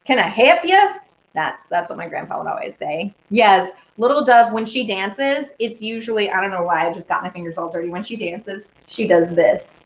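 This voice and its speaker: With hardly any pauses and at a normal speed, a medium-pitched woman from Oklahoma talks in a Southern accent to her viewers. She's a singer and host answering comments between songs, with ukulele playing on a lo-fi recording.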